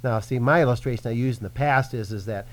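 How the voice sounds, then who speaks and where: This man talks fast in a medium-pitched voice, caught on a low-quality recording. He's a Christian minister teaching in a radio-style conversation, earnest and animated, performing the voices he quotes.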